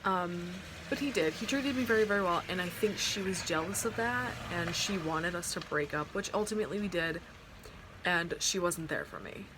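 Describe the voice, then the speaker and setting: A woman's voice: on the low side, normal speed, noisy background. A young adult woman vlogging at home into her phone, telling a personal story in a rambling, heartfelt way full of fillers and restarts. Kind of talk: casual storytime vlog. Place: at home by an open window. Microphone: phone camera.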